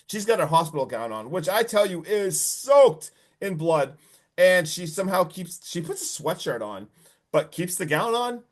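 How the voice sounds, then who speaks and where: Man, somewhat high voice, lively podcast recap with lots of swearing. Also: moderate pace. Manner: animated, swearing, acts out character lines. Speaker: podcast co-host. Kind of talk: casual movie recap.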